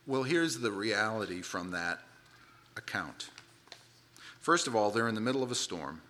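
A man's voice: fairly low pitch, animated, moderate pace, pushed and bright. A man preaching a sermon, retelling a Bible story with dramatic quoted voices.

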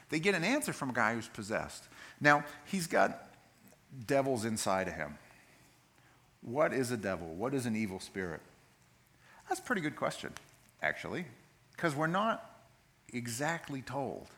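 A man's voice: mid-range voice, big pitch swings, normal speed, pauses often, a bit bright. A male pastor giving a sermon, reading scripture and explaining it in a conversational, plain-spoken way.

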